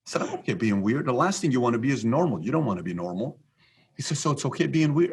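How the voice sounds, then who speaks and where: A man in his forties from Iran, a podcast guest telling stories in an animated, repetitive way. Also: mid-range voice, fast talker, husky. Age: 40s. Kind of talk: storytelling interview talk.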